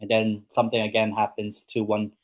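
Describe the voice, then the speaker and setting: A man's voice: lowish voice, completely flat delivery, brisk. A young man hosting a live football watchalong stream, chatting casually and making predictions, rambling with lots of ums and obviouslys. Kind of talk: casual chat and match predictions.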